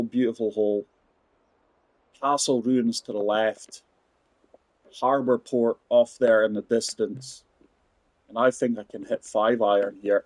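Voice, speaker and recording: A man's voice: mid-range voice, a little mellow, breathy edge, no room sound. A man in his forties giving chatty, rambling commentary while playing a golf video game and talking to his viewers. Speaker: gaming channel host. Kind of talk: casual gameplay commentary.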